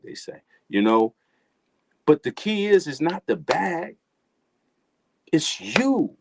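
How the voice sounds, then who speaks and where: A middle-aged guest with a slightly high voice, recorded dry, gives a casual motivational talk. He delivers emphatic, preachy advice in street slang, repeating himself deliberately for effect.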